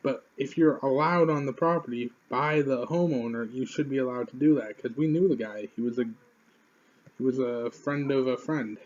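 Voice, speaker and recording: A man's voice: mid-range voice, normal speed, a little mellow, dull audio. A man in his twenties, a YouTuber, telling a rambling, profane story to the camera in an offhand way.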